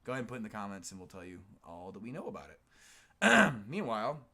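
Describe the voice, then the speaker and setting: A man's voice: on the low side, animated, fast, a bit bright. A man co-hosting a casual live-stream chat, talking loosely and thinking aloud with plenty of fillers.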